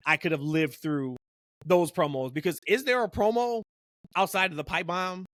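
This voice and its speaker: A man's voice: high-pitched, normal speed, a bit bright, no echo, studio quality. A man co-hosting a podcast, chatting casually and rambling with lots of "like" and "you know". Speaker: podcast co-host. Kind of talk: casual chat.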